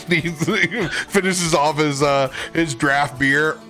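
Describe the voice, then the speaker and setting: A man's voice: mid-range voice, a little slow, bright, forceful tone, faint music behind. A man playing a tabletop game, casually narrating his character with frequent swearing and laughter.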